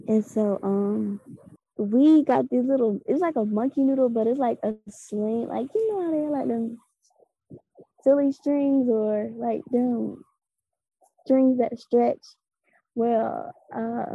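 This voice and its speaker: A teenage girl telling a funny classroom story in a chatty, animated way. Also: fairly high pitch, creaky, slightly rough, no echo, muffled recording. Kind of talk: casual storytelling.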